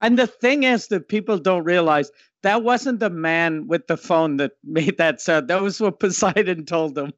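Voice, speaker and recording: A man's voice: sits high, normal speed, fairly bright tone, dry recording, muffled recording. A man co-hosting a podcast, cracking crude jokes and laughing. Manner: wisecracking, laughs, mock voices. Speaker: podcast co-host. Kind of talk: crude casual banter.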